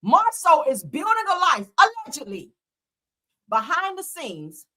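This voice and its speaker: A woman's voice: very high-pitched, wildly swooping pitch, a little slow, pushed and bright. A woman hosting a live show, giving blunt, profane commentary on reality TV and reading viewers' comments aloud. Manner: blunt, profane, emphatic, often laughing. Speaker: host.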